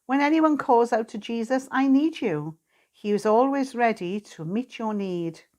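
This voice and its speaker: A woman giving a short sermon reflection to a church congregation, speaking in a gentle, earnest, pastoral way. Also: fairly high pitch, normal speed. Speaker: lay preacher.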